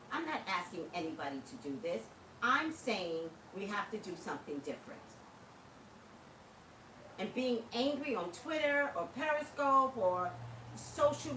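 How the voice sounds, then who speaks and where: A woman's voice: mid-range voice, fairly bright tone, roomy sound, distant mic, a little hiss or hum, low-quality recording. A woman hosting a livestream, talking casually and passionately to her viewers, laughing often. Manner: impassioned, preachy, laughs often. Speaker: livestream host.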